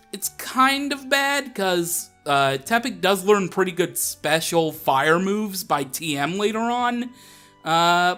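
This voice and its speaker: A man's voice: high-pitched, bright, forceful tone. A young man hosting a Let's Play, chatting casually and laughing as he plays. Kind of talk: casual gameplay commentary.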